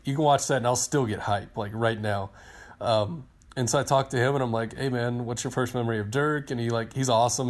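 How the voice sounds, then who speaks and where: A man in his thirties on a podcast, telling a long story in a casual, excited, rambling way and acting out what people said. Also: mid-range voice. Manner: excited, rambling storyteller who acts out quotes. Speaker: podcast co-host, team digital director.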